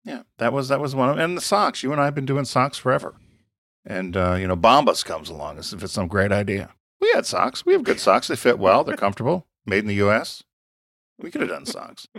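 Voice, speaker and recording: A low, gravelly man talking quickly in a casual podcast chat. He rambles from one anecdote to the next with a lively, swinging pitch, recorded dry and close. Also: no echo. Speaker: podcast co-host.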